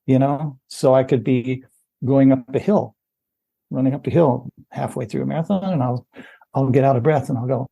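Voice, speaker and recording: A man speaking as a guest on a podcast interview, explaining things in a relaxed, easygoing way with frequent "you know" asides. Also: mid-range voice, moderate pace, creaky, breathy edge. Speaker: podcast guest, running coach. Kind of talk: casual interview talk.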